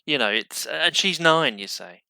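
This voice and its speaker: A man hosting a podcast, speaking casually in halting starts and restarts. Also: on the high side, animated, creaky, smooth, no echo. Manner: halting, restarts often, warm interjections. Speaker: podcast host. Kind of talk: casual conversational interview.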